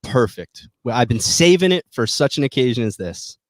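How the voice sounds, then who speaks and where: A man's voice: mid-range voice, moderate pace, no room sound. A man co-hosting a casual chat, telling sardonic jokes and stories with quoted asides. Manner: sardonic, joking, animated storytelling. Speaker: co-host.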